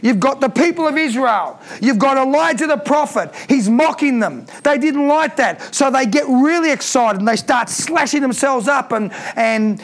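A man preaching a sermon, reading scripture aloud and breaking off to comment with emphatic repeated phrases and rhetorical questions. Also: very high voice.

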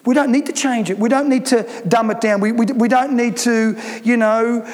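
High-voiced preacher man in a reverberant hall. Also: fairly even intonation, normal speed. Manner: emphatic, repeats phrases for stress. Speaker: pastor. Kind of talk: sermon.

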